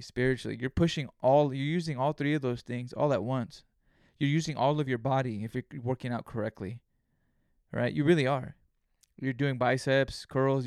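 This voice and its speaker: Recorded dry with clean studio sound, this smooth, mid-range male voice belongs to a young solo podcast host. His storytelling is animated and full of heavy swearing, and he acts out his own thoughts as he goes.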